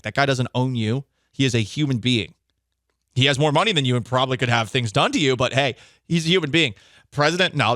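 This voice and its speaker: Bright-voiced wisecracking radio host man. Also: medium pitch, dry recording, studio quality. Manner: wry, joking, opinionated. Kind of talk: casual sports talk radio. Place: radio studio.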